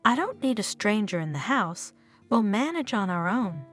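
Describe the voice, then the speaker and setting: A woman's voice: mid-range voice, very animated, moderate pace, soft background music. A woman voicing a worried young father who speaks in an earnest, pleading way in a told story.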